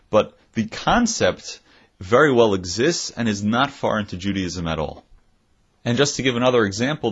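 Man, lower voice, husky, dull lo-fi sound, reads aloud then explains. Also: a bit bright. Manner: reads passages then explains them in a plain conversational aside. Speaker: Torah teacher. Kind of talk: reading aloud and explaining a text.

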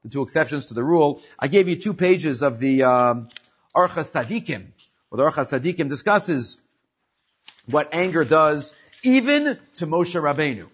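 A man teaching a casual religious class, telling a story with lively energy. His voice sits a little high, and he often restarts mid-sentence. The recording is muffled and lo-fi. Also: moderate pace, slightly rough. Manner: animated storyteller with frequent restarts. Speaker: Torah teacher.

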